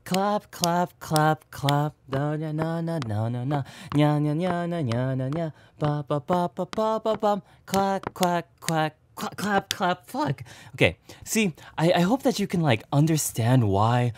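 A man's voice: a little high, big pitch swings, normal speed, hardly any pauses, noisy background. A man voicing a playful young boyfriend who rambles in a goofy, scatterbrained way and is out of breath, in a whispered role-play.

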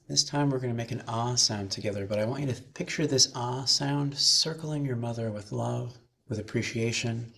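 A man minister leading a slow, soothing guided meditation with breathing cues, then speaking to a chapel congregation. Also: mid-range voice, creaky, a bit bright.

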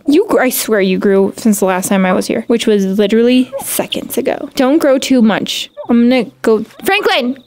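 A woman with a high, lively voice giving sassy, playful game commentary, scolding in-game birds like a fed-up parent. Her pitch swings widely, leaping into squeals. Light game music plays behind her. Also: moderate pace, few pauses. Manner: jumps to high squeals when excited. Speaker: gaming YouTuber.

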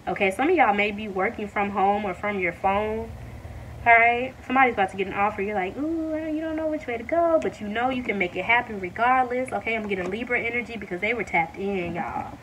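A woman giving a casual tarot reading to her viewers, talking warmly to them as y'all and breaking into excited exclamations. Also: medium pitch, recorded from a distance, slight background noise, rough recording. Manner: excited, animated bursts with drawn-out exclamations; addresses viewers as y'all, many fillers. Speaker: tarot reader.

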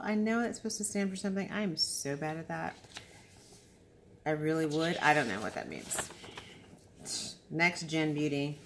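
A woman with a low, somewhat sleepy voice talks casually about makeup, hopping between thoughts with ums and restarts. She sounds worn out from a long stretch awake, and faint clicks sit behind her speech. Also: a little hiss or hum. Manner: chatty, rambling, with many ums and restarts. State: tired after a long time awake. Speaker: beauty vlogger. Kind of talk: casual unboxing chat.

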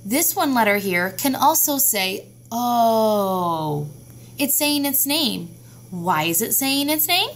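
A woman leads a phonics lesson for young children. She speaks slowly in a fairly high voice and sounds out each letter with care. A faint hum sits under the recording. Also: expressive. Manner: slow, clear, sounding out letters. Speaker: teacher.

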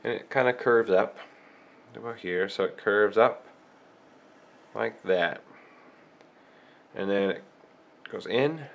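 A man's voice: fairly low pitch, slow pace, creaky, long pauses. A man with a cold who hosts a drawing tutorial, talking through each stroke step by step and thinking aloud as he draws. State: has a cold.

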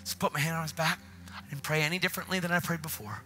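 A man preaching an energetic sermon in a church, telling a story and acting out both sides of the conversations, with sudden excited shouts. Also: on the high side, rapid-fire, faint music behind.

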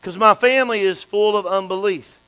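A man preaching a sermon as a bishop, dropping to hushed storytelling and rising to shouted praise. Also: sits high, moderate pace, clear, resonant tone, no room sound, low-quality recording.

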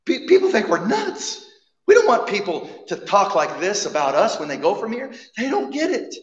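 A man's voice: high voice, wildly swooping pitch, moderate pace, voice pushed up. A man voicing anxious male disciples pleading with their teacher, in an echoey hall. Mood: exasperated. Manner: pleading, exasperated. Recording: echoey hall, dull sound.

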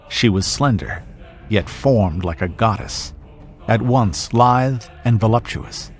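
A man reading a passage from a sword-and-sorcery story aloud, in a grave and theatrical manner. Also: medium pitch. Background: soft background music.

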